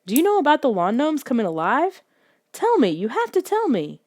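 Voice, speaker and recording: A woman's voice: high voice, huge pitch swings, fairly quick, darkish tone, no room sound, clean studio sound, pitched above the performer's own voice, full character voice. A woman voicing an anxious young boy who pleads for answers in an urgent, rising voice. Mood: pleading.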